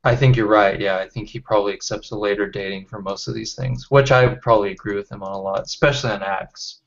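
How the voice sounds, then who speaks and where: A man leading a casual online study group, reading out chat comments and talking with halting restarts over a video call. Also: on the low side, steady tone, creaky. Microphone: computer mic on video call. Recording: dull lo-fi call audio.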